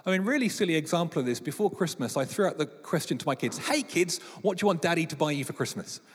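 A man preaching a sermon, his fairly high voice swinging up and down with animated storytelling. He slips into playful voices for the people in his stories. The sound carries a long reverb from a large hall. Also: quick pace, breathy edge. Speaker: pastor.

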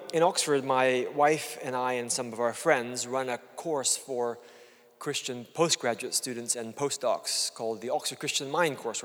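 Earnest man lecturing in a reverberant hall. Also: mid-range voice. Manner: earnest, measured explaining. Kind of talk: public lecture. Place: lecture hall before an audience.

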